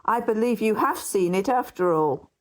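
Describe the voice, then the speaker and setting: A woman's voice: mid-range voice, expressive, normal speed, lightly acted. A woman reading as a grave Victorian barrister neighbour. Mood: gossiping. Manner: confiding, hushed at times.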